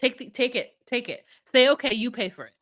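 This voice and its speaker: A woman co-hosting a casual podcast, animated and swearing freely, mimicking people in a mocking voice. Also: fairly high pitch, fairly quick. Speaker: podcast co-host recapping a reality show. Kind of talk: casual chat.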